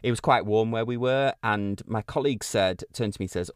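A man's voice: on the low side, brisk, smooth, dry recording. Chatty man, dry close sound. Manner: chatty storyteller, animated and laughing. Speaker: podcast co-host. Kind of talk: casual chat.

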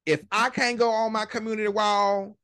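A woman's voice: medium pitch, level tone, moderate pace, fairly bright tone, clean tone. A woman hosting a podcast, giving casual commentary in an emphatic, heavily profane rant that stretches out her swear words. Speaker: podcast host.

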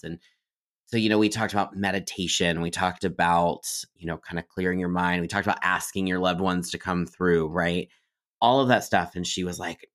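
Very low-voiced man telling stories. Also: a little fast. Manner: chatty, many fillers and restarts, warm storytelling. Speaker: psychic medium guest. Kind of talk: casual podcast interview storytelling.

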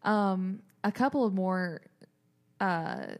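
A woman co-hosting a casual Bible study talk, reading her notes and scripture aloud in an animated way. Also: takes it slowly. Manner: reads notes and scripture aloud, animated, quotes with raised pitch. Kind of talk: casual faith discussion.

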